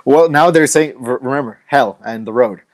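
A man's voice: medium pitch, normal speed, no echo. A man hosting a political talk show, talking conversationally and wryly, with frequent fillers. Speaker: host.

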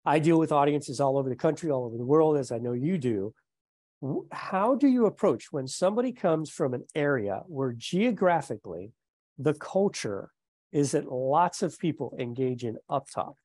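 A male interview host with a somewhat high voice asks follow-up questions and affirms his guest with enthusiasm. His voice is recorded close and dry, with no room sound. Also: lively intonation, moderate pace, a little mellow, no echo. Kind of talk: casual interview chat.

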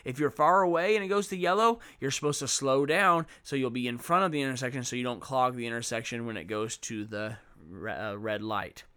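Man explaining classroom tips, smooth voice. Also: mid-range voice, a little fast, hardly any pauses, pushed and bright. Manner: conversational, explains with examples and acts out classroom exchanges. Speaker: children's ministry teacher. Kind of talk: teaching tips talk.

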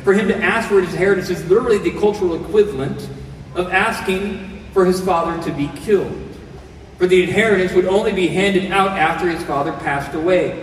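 A man preaches a sermon in an earnest way, moving between reading scripture and explaining it. His voice sits high and carries from some distance off the mic. A long, ringing reverb fills the hall around him. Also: fairly quick, slight background noise.

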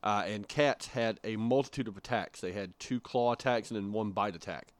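A man's voice: lowish voice, moderate pace, no echo. A man co-hosting a podcast in casual, joking chat, with frequent filler words. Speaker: podcast co-host.

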